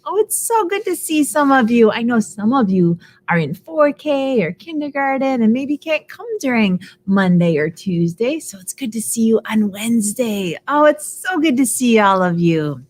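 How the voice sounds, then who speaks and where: A middle-aged woman runs a live storytime for little kids from a library room. Her high voice swoops all over with sing-song energy as she greets each child by name. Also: animated, moderate pace.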